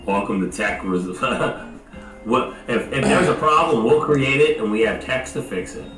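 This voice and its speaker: A man's voice: mid-range voice, animated, unhurried. A man in his thirties, co-hosting a podcast, telling crude stories with lots of swearing and laughter over a remote call. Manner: rambling, laughing, swears a lot. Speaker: podcast co-host. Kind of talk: casual crude chat. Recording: roomy echo, distant from mic, faint music.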